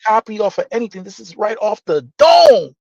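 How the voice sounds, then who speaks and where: A man telling a story in casual podcast chat, animated and profane, acting out the dialogue. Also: high-pitched, a little fast, no room sound. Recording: dull, slightly lo-fi dry sound.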